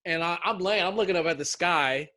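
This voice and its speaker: Bright-voiced man telling a story animatedly. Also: high-pitched, a little fast, no room sound, clean studio sound. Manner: animated, acts out quotes with slang and swearing. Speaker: guest telling a survival-show story. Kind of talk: casual storytelling chat.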